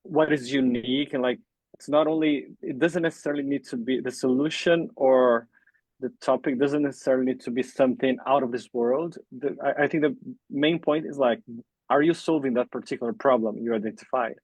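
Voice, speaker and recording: A man's voice: mid-range voice, a little fast, darkish tone, no room sound, low-quality recording. Man mentoring, dry close call audio. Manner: loose, hesitant, leaning on "like". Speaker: workshop mentor. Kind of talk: casual online workshop talk.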